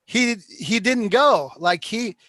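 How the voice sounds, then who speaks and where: High-voiced chatty man hosting a show. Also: animated, takes it slowly, fairly bright tone, no echo. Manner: chatty, rambling storyteller. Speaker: host of a call-in show. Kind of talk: casual chat.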